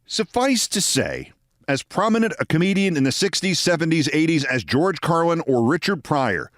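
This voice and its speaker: A male show host tells a long personal anecdote, animatedly acting out the voices of the people in it, in a storytelling monologue. His voice is a little high, and the recording is dry with clean studio sound.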